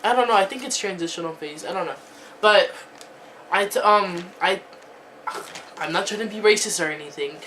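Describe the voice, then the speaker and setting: A woman's voice: medium pitch, normal speed, long pauses, a bit bright, far from the mic, slight background noise. A teenage girl telling a storytime vlog, chatty, filling her talk with "like" and "um". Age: teens. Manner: chatty, lots of "like" and "um", laughing asides. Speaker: vlogger.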